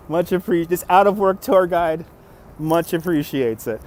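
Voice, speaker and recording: A man's voice: high-pitched, unhurried, slight background noise. A man hosting a casual nighttime walking livestream outdoors on city streets, upbeat and thanking viewers for their donations, recorded on a phone. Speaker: livestream walking tour host. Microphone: phone on a handheld gimbal.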